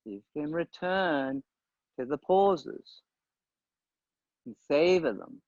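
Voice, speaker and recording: Male yoga teacher, fairly high voice, calm and paced guided instruction on a dull, lo-fi track. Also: no room sound. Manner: calm, unhurried cueing with pauses. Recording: dull, dry lo-fi sound.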